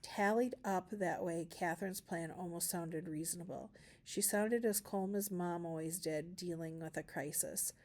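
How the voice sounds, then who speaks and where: A woman reading a novel aloud for a school class, narrating calmly with small shifts of voice for the characters. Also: on the low side, moderate pace, hardly any pauses. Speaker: reader.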